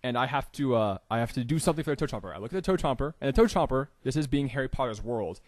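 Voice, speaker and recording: A man's voice: medium pitch, animated, very fast, no echo, studio quality. A man from Indiana co-hosting a podcast, telling an improvised story in a rambling, hesitant way with lots of fillers. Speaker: podcast co-host.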